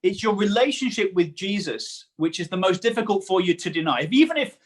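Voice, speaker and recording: Husky-voiced man preaching a sermon. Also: high-pitched, animated, a little fast. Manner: earnest, repeats words for emphasis.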